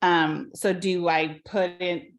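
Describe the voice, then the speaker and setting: A woman's voice: on the low side, little pitch movement, slow pace. A woman on a group video call asking a coach a question, hesitant and full of fillers. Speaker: caller.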